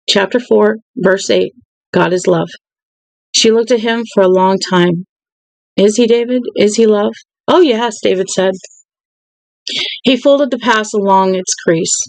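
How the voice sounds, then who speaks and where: A woman reading a novel aloud in a plain, unhurried way, then chatting casually and warmly with her listeners at home. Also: mid-range voice, no room sound, low-quality recording. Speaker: audiobook reader.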